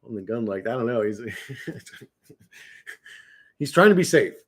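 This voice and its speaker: A man's voice: medium pitch, very animated, a little slow. A man chatting casually on a livestream, rambling and swearing, often restarting his words.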